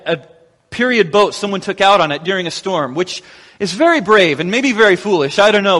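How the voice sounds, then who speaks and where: A man preaching a sermon, telling the story in an animated way and acting out the quotes. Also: high-pitched. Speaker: pastor. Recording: long echoing reverb.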